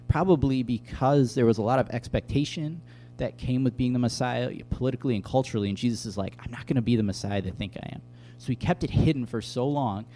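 A young adult man giving a casual, conversational bible teaching, telling stories with lively asides. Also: mid-range voice. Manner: conversational, animated storytelling with asides.

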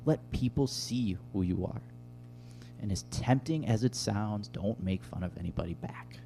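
A man with a low, gravelly voice gives an earnest, conversational sermon as a youth pastor, mixing a personal story into his teaching. His tone is dark and mellow, and faint guitar plays behind him. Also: normal speed. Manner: conversational, earnest, uses filler words.

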